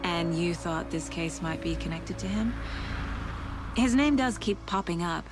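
An actress playing a sharp, determined investigator, speaking in a brisk, analytical way in video game dialogue. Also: female voice, fairly low pitch, expressive, loud music behind the voice. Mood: wry.

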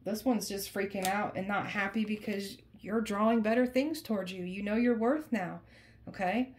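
This is a woman in the middle of a casual tarot reading, talking straight to her viewers. Her voice sits at an ordinary pitch for a woman. She speaks emphatically and conversationally and keeps circling back to repeat her phrases. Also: normal speed, a little hiss or hum. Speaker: tarot reader.

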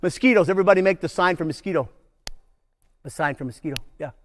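A man's voice: high voice, quick pace, fairly bright tone, in a large hall. An older man, a nature educator, leading a playful children's program full of call-and-response chants.

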